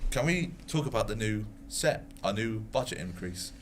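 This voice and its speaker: A man hosting a film review show, chatting casually with quick quips and wrapping up the episode. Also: lowish voice, lively intonation, a little hiss or hum. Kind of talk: casual chat.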